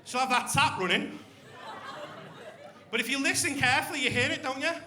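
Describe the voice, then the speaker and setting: A man's voice: very high-pitched, a little fast, sharp tone. A young man doing a crude, swearing stand-up routine with crowd work on a comedy club stage. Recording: echoey club room.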